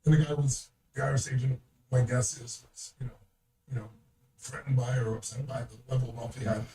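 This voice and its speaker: A man's voice: mid-range voice, steady tone, fairly quick, warm tone, distant mic. An older man telling a story as a guest, in an emphatic, blunt way and swearing freely. He is recorded in a roomy space, away from the mic. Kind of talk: anecdotal storytelling.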